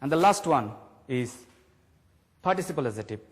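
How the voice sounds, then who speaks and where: A man teaching a grammar lesson on television, slowly stressing key words for his students. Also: medium pitch, expressive, big-room sound. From Bangladesh.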